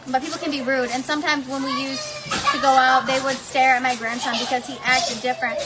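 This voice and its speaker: A woman's voice: sits high, lively intonation, brisk, heavy background noise. A woman talking casually in her home kitchen while cooking with her child, blunt and heated, swearing freely. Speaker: parent vlogger.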